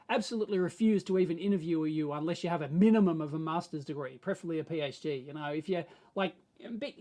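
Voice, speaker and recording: An Australian man hosting a live stream, answering viewer questions in a rambling, animated way that swings between mumbled asides and excited bursts. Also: sits high. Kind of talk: casual live-stream chat.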